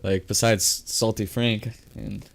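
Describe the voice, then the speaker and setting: A man's voice: lowish voice, flat delivery, unhurried, vocal fry. Giggly rambling man on a headset. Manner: rambling, giggly, swears casually. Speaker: podcast co-host. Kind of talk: casual chat.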